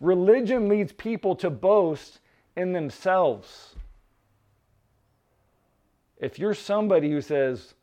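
Conversational preacher man, higher-pitched voice. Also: lively intonation, slow, pauses often, warm tone. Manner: conversational, tags points with "right?", jokes aside. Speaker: pastor. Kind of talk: sermon.

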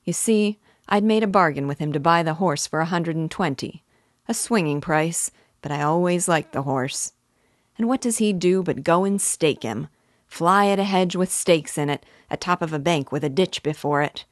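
A woman's voice: fairly low pitch, normal speed, no echo, clean studio sound, natural voice. A woman reading aloud and voicing a blunt, gossiping male horse dealer in a chatty, insinuating way.

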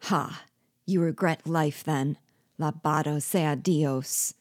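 Woman voicing sinister dwarf sorcerer, mocking, slow, low-pitched, dry storybook reading. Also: steady tone, dry recording. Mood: menacing.

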